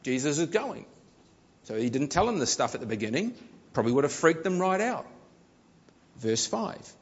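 A man's voice: a little high, very animated, normal speed, big-room sound, lo-fi sound. A man preaching a sermon, reading scripture aloud with strong, varied emphasis.

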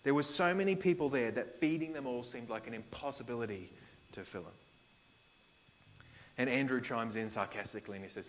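A man's voice: mid-range voice, a little fast, a little hiss or hum. Australian male pastor, mid-range voice, casual sermon delivery with slangy asides; slightly dull recording. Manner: conversational, paraphrases scripture in slang.

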